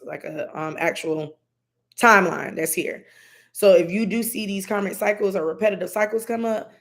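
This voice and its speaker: A woman's voice: on the low side, creaky. A woman doing a live-stream intuitive reading, talking casually with lots of fillers. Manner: casual, rambling, filler-heavy. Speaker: intuitive reader.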